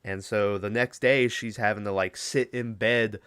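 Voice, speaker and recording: Man, podcast host, casual plot recap, smooth clear voice, dry close sound. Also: lowish voice, steady tone, unhurried, a bit bright, no echo. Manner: rambling and profane, with many fillers.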